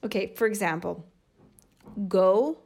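This is a woman from the United States in her thirties, talking in a relaxed, conversational way. She explains things eagerly, working through examples as she goes. Her voice sits in a middle pitch for a woman. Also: slow pace, vocal fry. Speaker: podcast co-host and mother. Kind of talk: casual chat.

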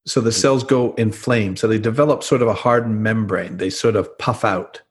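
A man's voice: fairly low pitch, fairly even intonation, normal speed. A man talking as an interview guest, explaining earnestly and acting out the lines he quotes. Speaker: guest, trauma expert. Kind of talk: podcast interview.

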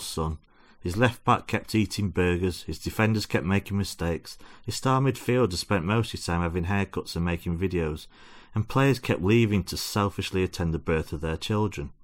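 A man's voice: low-pitched, normal speed, close to an everyday voice. A man reading aloud as a pompous, self-deluding football-obsessed father lecturing his son. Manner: preachy, lecturing.

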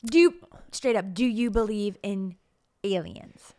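A woman's voice: medium pitch, unhurried, dark tone. A young adult woman co-hosting a podcast in casual chat, telling stories with quoted lines and frequent laughs. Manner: chatty storyteller, laughs often, acts out quotes. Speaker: podcast co-host.

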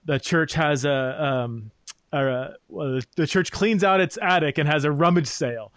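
A man's voice: a little high, normal speed, a bit bright, no echo, clean studio sound. A man hosting an interview podcast, laying out his thoughts in a reflective way with frequent fillers. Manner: thoughtful, many fillers and restarts. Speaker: podcast host. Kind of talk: interview conversation.

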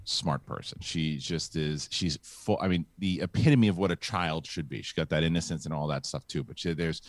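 A man's voice: extremely low pitch, normal speed, no room sound. A middle-aged man hosting a live show, telling a long personal story in a rambling way with many restarts and fillers. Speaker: host. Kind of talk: casual live show chat.

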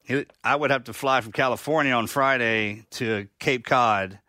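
A man's voice: medium pitch, moderate pace, sharp tone, no echo, clean studio sound. A man hosting a podcast, a military veteran, telling stories in a loose, casual way. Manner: loose, swearing storyteller. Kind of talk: casual chat.

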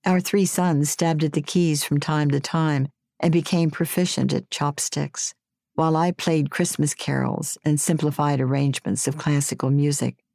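A woman's voice: low-pitched, creaky, dry recording, clean studio sound. Wry woman reading her memoir aloud. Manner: wry, gently humorous. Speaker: memoir narrator.

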